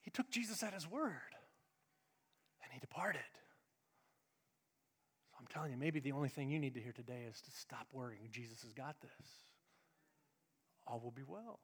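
A middle-aged man preaching a sermon as pastor, swinging between loud emphatic lines and hushed, confiding asides. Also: mid-range voice, moderate pace, long pauses, breathy edge. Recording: long reverb of a large hall.

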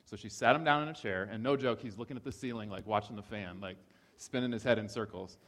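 Lowish-voiced guy from ohio preaching, repeats his points, long echo in a big hall. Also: quick pace. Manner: animated storyteller, repeats key phrases. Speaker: speaker. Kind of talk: sermon-style talk. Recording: reverberant hall.

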